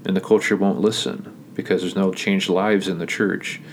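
A man's voice: deep voice, fairly even intonation, normal speed, slight background noise. A man hosting a podcast, reading scripture and then preaching and praying in a casual, earnest way. He often stumbles and repeats words and keeps calling his listeners "guys.". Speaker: podcast host.

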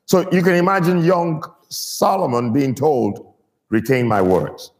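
A man's voice: fairly high pitch, sing-song, a little slow, darkish tone, big-room sound. A man preaching a sermon to his church, stressing key words and getting the people to repeat them. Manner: emphatic, draws out key words and gets the congregation to repeat.

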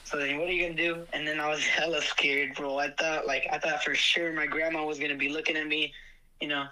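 A man, a podcast guest telling stories in relaxed, joking casual chat. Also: a little high, brisk, poor audio. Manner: joking, laid-back storytelling.

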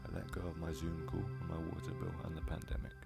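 A man reading a first-person story aloud in a gentle, measured way, over loud background music. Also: deep voice, flat delivery, gravelly. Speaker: narrator.

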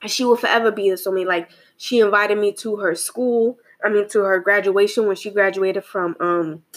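A young adult woman talking in a casual, reflective monologue, rambling with many restarts and fillers and often asking "right?". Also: mid-range voice.

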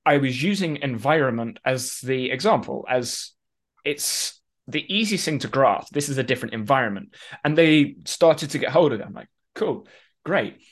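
A man co-hosting a podcast, explaining ideas in a casual, animated way with quick asides. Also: medium pitch. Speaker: podcast co-host. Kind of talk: casual conversation.

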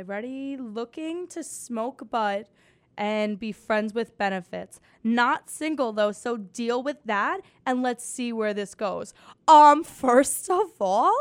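A woman's voice: fairly high pitch, no room sound. A young woman hosting a casual comedy podcast, sarcastic and swearing freely, mocking quotes in put-on voices. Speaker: podcast host.

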